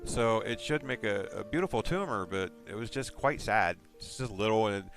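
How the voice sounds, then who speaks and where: A man with a fairly low voice talks casually to his live stream viewers. He rambles and teases, jumping from one thought to the next. Faint music plays underneath. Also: expressive, normal speed. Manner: joking, rambling, teasing.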